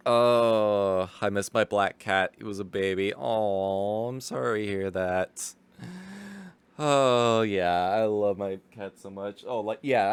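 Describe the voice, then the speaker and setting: A man's voice: lowish voice, fairly even intonation, slow, clear, resonant tone, no room sound. A man casually commenting as a streamer, rambling with lots of fillers and restarts and laughing easily. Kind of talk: casual live watch-along commentary.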